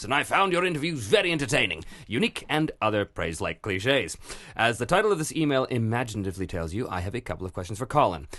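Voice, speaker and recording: A man hosting a casual podcast, reading listener emails aloud in an animated way and laughing easily. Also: mid-range voice. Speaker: podcast host.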